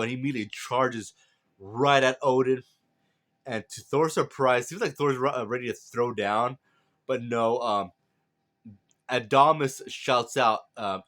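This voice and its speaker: A man's voice: medium pitch, normal speed, fairly bright tone. A man casually recapping a manga chapter, enthusiastic and rambling with many fillers.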